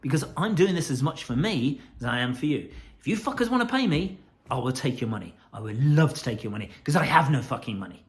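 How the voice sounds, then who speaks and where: A man delivers a blunt, profanity-laced coaching monologue. His pitch sits in the middle but swings widely as he pushes his point. He talks with raw intensity. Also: big pitch swings, fast talker. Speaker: accountability coach.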